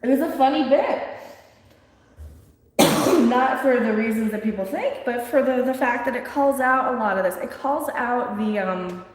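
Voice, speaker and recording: A woman's voice: a little high, expressive, unhurried, a little hiss or hum. A woman hosting a casual livestream, rambling and blunt as she chats and answers viewers, laughing often. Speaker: livestream host. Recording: very echoey room with long reverb.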